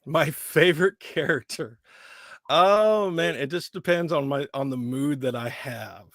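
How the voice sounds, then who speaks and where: A man who is a voice-acting guest tells stories with lots of laughs and play. His voice is bright and gravelly and swings widely in pitch, and the sound is dry and close. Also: a little slow, no echo. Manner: animated, laughing, playful storyteller. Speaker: voice actor guest. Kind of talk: casual interview chat.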